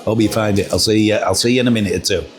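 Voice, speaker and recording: On a casual walking vlog recorded with a windshielded camera mic, a middle-aged man rambles chattily and jokes with lots of ums while filming windy outdoor steps and narrow yards. He speaks very fast, in a lowish voice with a steady tone.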